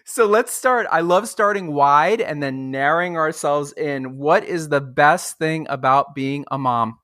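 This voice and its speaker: A man hosting a podcast interview, enthusiastic and animated, telling stories with lively energy. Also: a little high, measured pace, dry recording, clean studio sound. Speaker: podcast host. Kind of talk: casual interview chat.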